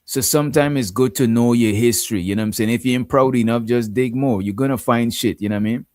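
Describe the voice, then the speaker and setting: A man's voice: mid-range voice, quick pace, darkish tone, dry recording. A Guyanese man talking loosely on his stream, circling back to his points and checking in with the listener. His voice sits in a middling range and sounds close and dry, with no room around it. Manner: rambling, peppers talk with "you know what I'm saying". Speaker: livestream host. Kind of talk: casual livestream commentary.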